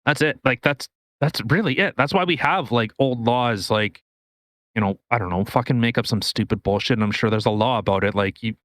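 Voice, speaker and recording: A man's voice: medium pitch, a little fast, no echo, studio quality. A man co-hosting a podcast, ranting casually and profanely with many restarts. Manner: animated, profane, rambling with restarts. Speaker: podcast co-host. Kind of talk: casual political rant.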